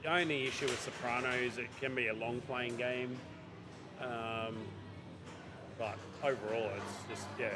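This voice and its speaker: A man gives relaxed live commentary at a pinball club, chatty and full of small hesitations. His voice sits at an average pitch for a man. Loud music plays behind him. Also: unhurried. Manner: chatty, hesitant with frequent ums. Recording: music playing loudly behind.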